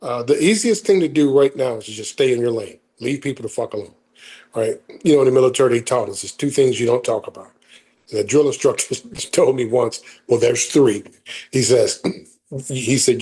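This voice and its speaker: A man's voice: mid-range voice, normal speed, mellow, breathy edge. A man, a veteran guest on a podcast, talking in an easygoing, profane way and laughing often. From Helena, Arkansas, US South. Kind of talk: casual podcast chat.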